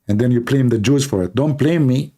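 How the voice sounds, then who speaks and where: A man hosts a casual livestream, answering viewers and spinning joking, mocking anecdotes. His voice is gravelly and dark, mellow in tone at a middle pitch. He tells stories with lively, animated emphasis. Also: fairly quick. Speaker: livestream host. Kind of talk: casual comedic chat and anecdote.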